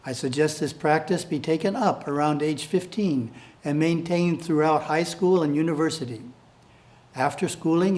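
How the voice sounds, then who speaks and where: A man reading his editorial aloud as calm, measured spiritual instruction. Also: on the high side.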